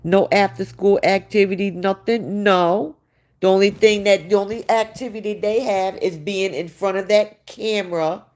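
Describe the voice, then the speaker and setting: A woman's voice: medium pitch, steady tone, moderate pace, a little mellow. A woman hosting a livestream, reading viewer comments aloud and answering them in blunt, sarcastic casual commentary. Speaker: livestream host.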